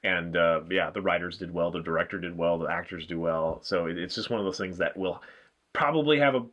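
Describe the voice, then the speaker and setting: A man's voice: low voice, brisk, muffled recording. A man co-hosting a film review show, chatting casually and rambling with lots of fillers and playful put-on voices. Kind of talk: casual chat.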